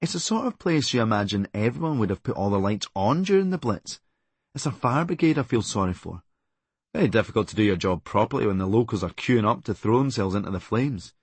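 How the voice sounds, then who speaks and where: A Scottish man reading his own comic memoir in a deadpan, darkly funny delivery. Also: fairly low pitch, fairly quick, breathy edge, dry recording. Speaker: comedian narrating his memoir.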